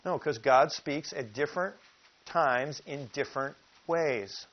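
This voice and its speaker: A man preaching a sermon who teaches from scripture, asks the listeners questions and reads verses slowly with emphasis. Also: fairly high pitch. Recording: dull lo-fi recording.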